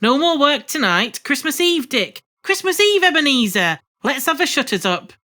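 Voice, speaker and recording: A woman voicing a jovial, plump old male merchant who calls out heartily and loudly. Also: fairly high pitch, lively intonation, unhurried. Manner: hearty, loud calling out.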